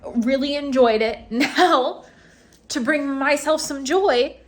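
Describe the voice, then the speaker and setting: Speaking slowly in a high voice, a young woman vlogs about books in a relaxed way. Her rant is dramatic, laced with cursing and fake outrage.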